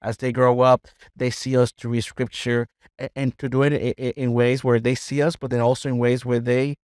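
A man's voice: mid-range voice, little pitch movement, brisk, darkish tone, smooth, no room sound, clean studio sound. Earnest man encouraging parents. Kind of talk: casual podcast chat.

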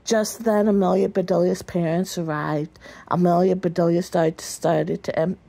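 A woman reading a children's picture book aloud in a gentle storytelling voice, with small slips and restarts. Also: fairly low pitch, fairly even intonation, normal speed, gravelly. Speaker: storybook reader.

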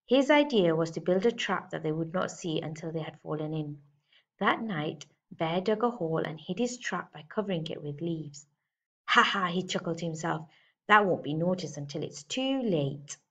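A woman's voice: lowish voice, expressive, a little fast. Woman teacher reading aloud to children. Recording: slightly dull lo-fi recording.

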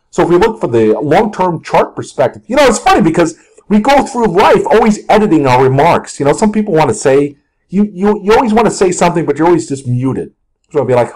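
A man talks through stock charts in a loose, rambling way, cracking jokes as he goes. His pitch rises and falls a lot, and his voice is a little husky and a touch higher than most men's. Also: sing-song, brisk, darkish tone. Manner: rambling, jokey, slips into mock outbursts and sung lyrics. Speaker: market video host. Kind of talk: casual market commentary over charts.

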